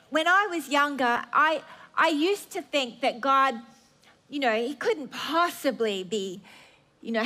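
A woman preaching a sermon in an earnest, emphatic way, with drawn-out phrases and stammering restarts. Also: on the high side, bright, forceful tone.

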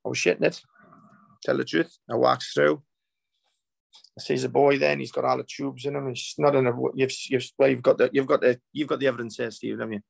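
As a guest, a man who works as a healer tells an emotional story, rambling with repeats and broken restarts. His gravelly voice is medium-pitched, steady and fairly quick, in a low-quality recording with no echo.

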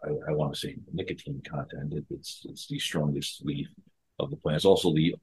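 Very deep, husky-voiced man. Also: steady tone, a little fast, low-quality recording. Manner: rambling, repeats words as he thinks. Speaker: podcast co-host. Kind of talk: casual chat.

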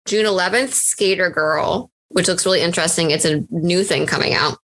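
Bright-voiced woman chatting casually. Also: fairly low pitch, moderate pace. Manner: chatty, giggly, excited about pop culture. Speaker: podcast co-host. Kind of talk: casual chat.

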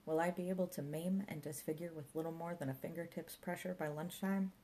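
A woman's voice: lowish voice, steady tone, a little fast, dark tone, a little hiss or hum, natural voice. A woman reading an audiobook and voicing a dry, sardonic young man working as a reluctant park ranger. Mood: wry. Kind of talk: audiobook character voice.

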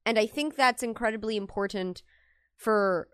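A woman's voice: mid-range voice, moderate pace, fairly bright tone, smooth, dry recording, studio quality. A young woman hosting a casual group discussion over an online call, talking earnestly and rambling with restarts. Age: young adult.

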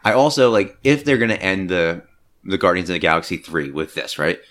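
A man co-hosting a casual movie review podcast, talking in an animated, theorizing way with many fillers. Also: deep voice, fairly quick. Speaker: podcast co-host.

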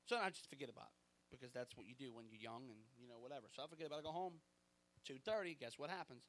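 A young man, a pastor telling a story in an animated, conversational sermon. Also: mid-range voice, rapid-fire, a little hiss or hum.

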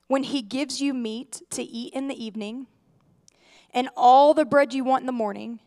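A young adult woman giving a sermon in a conversational, animated preaching style full of rhetorical questions. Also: high-pitched.

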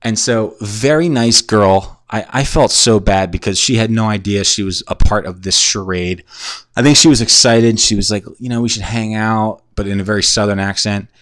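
A man's voice: lowish voice, moderate pace, a bit bright, no echo, studio quality. A man in his twenties hosting a podcast from home, telling a crude, profane story in a rambling, digressive, self-mocking way while drunk and concussed. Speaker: podcast host. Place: at home in a shared house.

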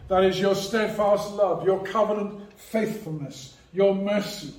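A man preaching a sermon in a church, measured and emphatic, leaning hard on key phrases. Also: sits high. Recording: echoey church hall, mic at a distance.

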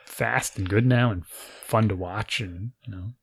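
Gravelly-voiced man telling a story. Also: lowish voice, unhurried, no echo. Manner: animated, acts out quotes, laughs often. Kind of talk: casual storytelling chat.

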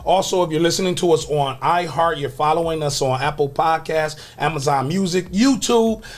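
A man's voice: on the high side, normal speed. A man hosting a morning show in a studio, upbeat and teasing his co-host while plugging the show. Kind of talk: casual chat.

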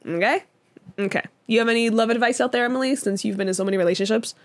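A young woman co-hosting a podcast in casual chat, talking loosely with many fillers and quick laughs. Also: on the high side. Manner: chatty, lots of fillers and laughs. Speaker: podcast co-host.

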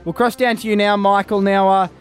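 Upbeat Australian radio host, high voice. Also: male voice, brisk, soft background music. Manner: playful, excitable. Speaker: radio breakfast show co-host.

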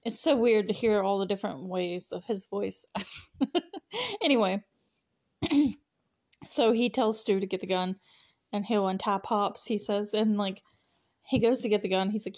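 A woman's voice: mid-range voice, moderate pace, a little mellow. A woman hosting a podcast, recapping a film in a chatty, casual way with lots of fillers and frequent laughter. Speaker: podcast host.

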